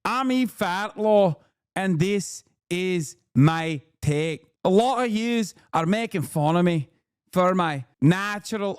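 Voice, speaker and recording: A man's voice: high voice, smooth, voice pushed up. A man doing a mocking parody of a pundit in an exaggerated fake Middle Eastern accent. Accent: mock Middle Eastern accent.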